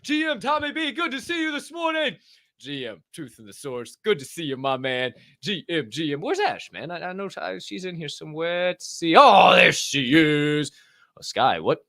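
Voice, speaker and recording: A man hosting a casual livestream, excitedly and profanely greeting people in the chat by name. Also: on the high side, normal speed, gravelly, no room sound, studio quality. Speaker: livestream show host.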